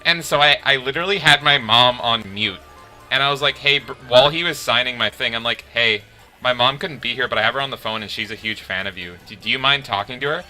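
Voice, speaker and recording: A man's voice: medium pitch, quick pace, soft background music. A man chatting casually on a gaming stream, telling convention stories and acting out the people in them. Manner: animated storyteller, acts out quotes. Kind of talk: casual chat while gaming.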